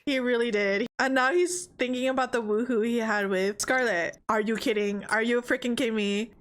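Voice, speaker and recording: A young woman streaming a life-sim game, commenting excitably and exclaiming at every twist. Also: on the high side, normal speed. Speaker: gaming streamer. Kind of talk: let's play commentary.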